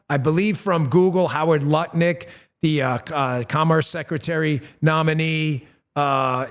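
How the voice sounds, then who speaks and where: A middle-aged man hosting a political commentary show, talking bluntly and getting heated, with swearing. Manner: blunt, heated, swears and rises in pitch when angry. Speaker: host.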